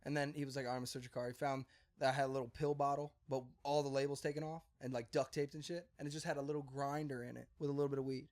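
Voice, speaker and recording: A man in casual comedic podcast chat who swears freely, laughs often and jumps in with quick reactions. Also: medium pitch, flat delivery, darkish tone. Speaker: podcast co-host or guest.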